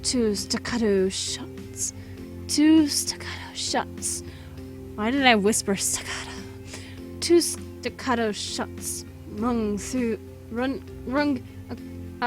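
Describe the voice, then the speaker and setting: A woman voicing a male crime novelist reading his dark thriller aloud in a slow, hushed, dramatic way. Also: a little high.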